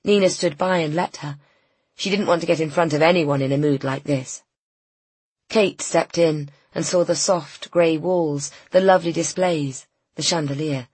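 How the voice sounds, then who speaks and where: A woman narrating a novel as an audiobook, in calm, even storytelling. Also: low-pitched, normal speed, husky, no echo. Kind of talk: scripted narration.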